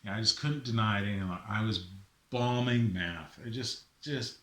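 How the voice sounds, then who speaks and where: A middle-aged man telling a personal story in an animated way, acting out the voices of himself and his father. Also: lowish voice, normal speed. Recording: echoey room.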